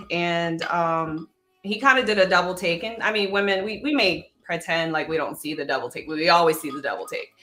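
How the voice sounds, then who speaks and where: A woman's voice: lowish voice, fairly bright tone. A woman co-hosting a live podcast, talking easily and telling a story with lots of fillers. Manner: easygoing, laughs often, tells stories with many fillers. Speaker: podcast co-host. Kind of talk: casual conversation. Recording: echoey room.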